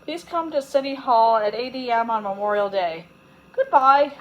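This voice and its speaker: A woman reading a storybook aloud and voicing a formal woman secretary with a high, fluty voice who speaks slowly and precisely. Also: animated, highs cut off, lightly acted. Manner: slow, precise and businesslike.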